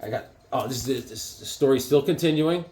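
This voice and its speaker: A man talking casually and excitedly, rambling through his collection with lots of fillers and restarts. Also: mid-range voice, fairly quick, a little hiss or hum. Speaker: comic book collector reviewing issues. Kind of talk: casual show-and-tell vlog.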